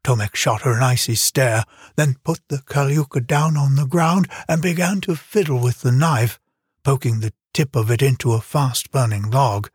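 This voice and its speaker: A man narrating an audiobook in a measured, even storytelling manner. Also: medium pitch, husky, no echo, clean studio sound. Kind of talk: scripted narration.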